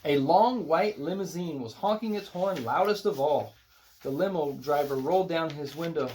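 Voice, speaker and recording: A storybook reader narrating a picture book aloud with expressive, animated delivery. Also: medium pitch, moderate pace.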